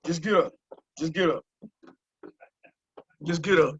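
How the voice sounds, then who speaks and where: A man from Houston, telling a story and urging listeners on a group call, with animated, repetitive exhortation. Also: on the high side, measured pace, a little hiss or hum. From Houston, Texas. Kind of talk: motivational storytelling. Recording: muffled lo-fi call audio.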